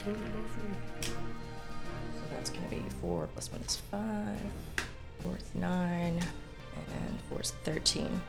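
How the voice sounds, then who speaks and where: Female tabletop player, low animated voice, unhurried, music playing behind. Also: vocal fry. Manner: slow, unhurried, with fillers. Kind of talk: casual tabletop play.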